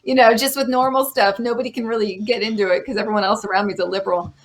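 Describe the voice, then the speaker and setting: A young woman hosts a casual interview and speaks in an animated, opinionated rush. Her voice sits a little high for a woman. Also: racing. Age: young adult. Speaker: podcast host.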